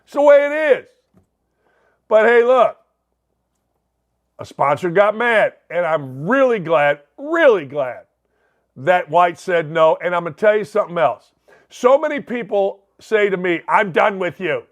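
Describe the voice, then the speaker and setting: A man's voice: high-pitched, very animated, a little slow, long pauses. An older man with a Northwest Indiana, Chicagoland accent, hosting a sports talk show in a blunt, rambling monologue full of folksy asides. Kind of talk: opinionated monologue.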